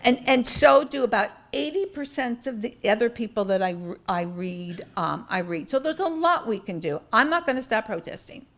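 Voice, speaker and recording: An older woman addresses a club meeting in an earnest, candid, conversational way. Her voice sits a little high. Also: lively intonation, normal speed, hardly any pauses, fairly bright tone. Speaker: guest speaker, party official. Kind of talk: talk to a club with audience questions.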